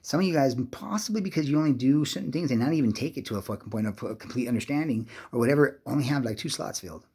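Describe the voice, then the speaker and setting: A man's voice: medium pitch, fast talker, few pauses, mellow, husky. A man in his fifties telling a meandering personal story, swearing constantly and restarting his sentences often. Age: 50s. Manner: profane, meandering, restless storytelling. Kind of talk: rambling personal monologue.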